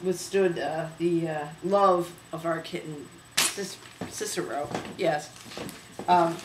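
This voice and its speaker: A woman hosting a casual home video show about thrift finds, talking chattily with many pauses and fillers. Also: on the low side, reverberant, slight background noise, rough recording. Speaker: host. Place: home room.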